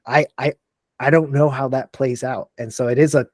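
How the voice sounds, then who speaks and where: This podcast guest, an animated military veteran in his forties with roots in Texas and Tennessee, chats casually at a medium pitch and normal pace. He's emphatic, fills his talk with "like" and curses freely, captured in clean, dry studio sound.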